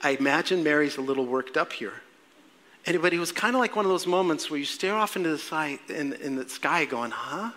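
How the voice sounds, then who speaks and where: A male pastor delivers a lively sermon in a bright, forceful voice pitched a little high. He tells stories with energy, and his voice falls soft and low when he acts out what people might say. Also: brisk. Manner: lively storytelling, acting out voices of mothers in hushed tones.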